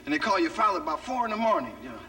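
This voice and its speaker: A man performing a stand-up comedy routine on stage, telling a story and acting out the people in it with sudden shouts. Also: high voice, big pitch swings, very fast. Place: stage before a live audience. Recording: distant stage mic, loud noise.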